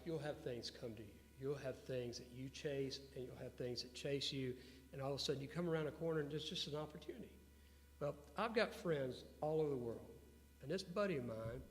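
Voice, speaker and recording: A man being interviewed before an audience, telling business stories in an animated way and putting questions to the crowd. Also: mid-range voice. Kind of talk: storytelling talk to an audience. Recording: long hall reverb with faint hum.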